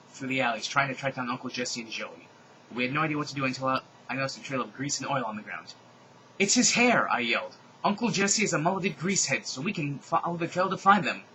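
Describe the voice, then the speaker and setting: A young man doing a comedic dramatic reading of a fan story, with animated delivery, shouted dialogue and mocking asides. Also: mid-range voice, a little hiss or hum, poor audio.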